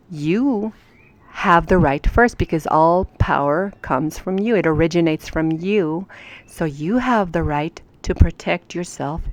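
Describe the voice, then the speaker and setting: A woman's voice: fairly low pitch, no room sound. Chatty, emphatic woman teaching. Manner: chatty and emphatic, with asides to viewers. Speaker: home teacher. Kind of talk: casual lesson reading legal maxims.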